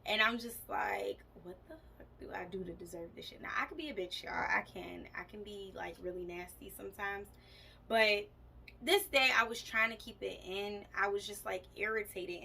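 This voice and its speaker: A woman's voice: medium pitch, vocal fry, bright, forceful tone. A woman vlogger telling a candid, exasperated storytime, talking to her viewers as y'all. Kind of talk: casual storytime. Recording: voice a bit far from mic, faint background noise.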